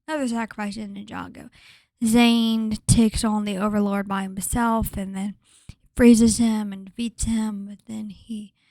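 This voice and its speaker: A woman vlogger gushing in a casual, rambling way, often sinking to a breathy whisper. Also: medium pitch, level tone, measured pace, dark tone, dry recording. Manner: rambling with frequent fillers and restarts. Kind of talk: casual vlog commentary.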